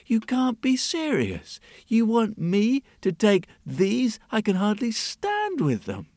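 A man voicing a weary, overburdened old male donkey who talks slowly and sounds defeated. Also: high voice, wildly swooping pitch, darkish tone, dry recording, studio quality, voice pushed up, heavily acted. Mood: pleading. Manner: slow, sighing and defeated.

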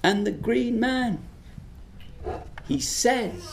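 A woman telling a folk tale aloud, with dramatic, repetitive, drawn-out phrasing. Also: mid-range voice, dark tone, a little hiss or hum. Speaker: storyteller. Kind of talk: oral storytelling. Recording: roomy echo with music behind.

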